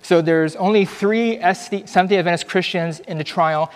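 A middle-aged man, a doctor, giving an earnest, conversational testimony talk at church with animated storytelling. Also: high-pitched, normal speed, long reverb tail. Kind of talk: church presentation, personal testimony.

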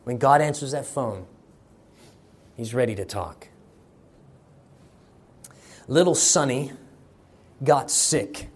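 A man preaching a sermon, telling a story with dramatic swings in loudness. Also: on the high side. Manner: dramatic, varies loudness for effect.

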